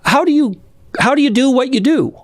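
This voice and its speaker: A man interviewing his guest, speaking thoughtfully in a measured, halting way with frequent restarts. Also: very high-pitched, lively intonation, no echo. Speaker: interviewer, psychology professor.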